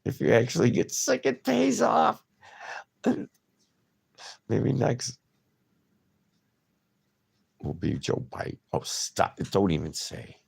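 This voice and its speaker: A man with a deep, heavily gravelly voice talks slowly with his viewers on a livestream. His pitch swings widely as he reacts to their comments and calls them by name. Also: big pitch swings, darkish tone. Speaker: livestream host. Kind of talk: casual livestream chat.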